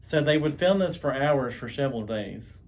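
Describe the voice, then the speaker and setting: A man's voice: medium pitch, animated, moderate pace, darkish tone. A man co-hosting a home podcast, telling stories in a rambling, chatty way with many restarts. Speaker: podcast co-host. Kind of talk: casual chat.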